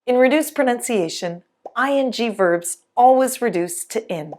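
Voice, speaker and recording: A woman teaching English pronunciation in a scripted lesson, speaking carefully and enunciating clearly. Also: fairly high pitch, expressive, normal speed, darkish tone, a little hiss or hum.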